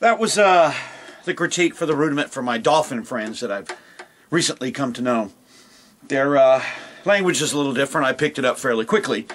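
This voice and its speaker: Laid-back male drum teacher, rambling and self-deprecating, mid pitch. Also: animated, brisk, fairly bright tone. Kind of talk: casual video lesson.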